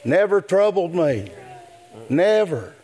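An older man, preaching a sermon in a rhythmic style that builds to shouts. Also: high-pitched, big pitch swings, takes it slowly.

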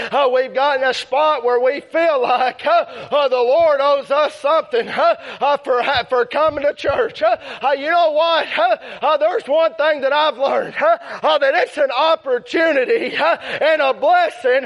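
A man preaching in a chanted, shouting cadence, gasping a rhythmic "uh" between each phrase. His voice sits very high and carries a gravelly edge. The recording is dull and lo-fi, like an old church tape. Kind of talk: chanted revival sermon. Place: church sanctuary.

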